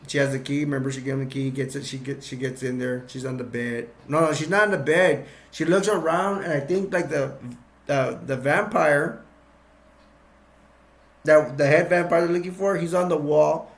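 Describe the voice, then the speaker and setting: A man's voice: a little high, moderate pace. A man casually recapping a film scene by scene, rambling, restarting his sentences and chuckling as he goes. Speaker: film reviewer. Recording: roomy echo.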